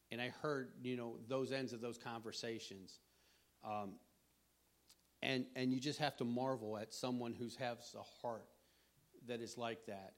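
A middle-aged man giving an informal sermon, rambling and conversational, with frequent restarts and throat clearing. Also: medium pitch, steady tone, a little slow. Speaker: preacher.

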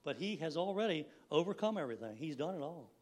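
A man in his sixties speaks at a church gathering in a folksy, rambling way. His voice sits a little high for a man, and he laughs easily between thoughts. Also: very animated, fast talker. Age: 60s. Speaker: lay preacher. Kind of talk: informal church sermon.

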